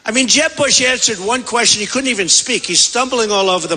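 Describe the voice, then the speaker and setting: At a rally in a big convention center, a man running for office speaks expressively and briskly, wandering and repeating himself like a conversation. His voice is high, bright and forceful, with long hall reverb and slight background noise.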